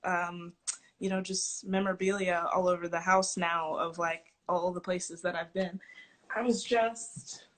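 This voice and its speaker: Actress guest, eager and reflective, slightly out of breath, video-call sound. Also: female voice, lowish voice, fairly even intonation, a little slow. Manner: enthusiastic, reflective, slightly winded. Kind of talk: casual video-call interview.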